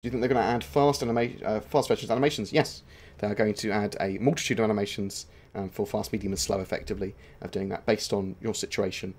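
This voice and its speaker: A man's voice: fairly low pitch, fast, few pauses. Casual man answering chat questions. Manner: relaxed, rambling, frequent um fillers. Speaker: gaming channel host answering viewer questions. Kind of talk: casual livestream Q&A.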